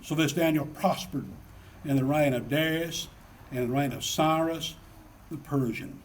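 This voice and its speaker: A man's voice: on the high side, measured pace, distant mic, slight background noise. A man preaching a sermon in an earnest way, asking many rhetorical questions and repeating his key phrases.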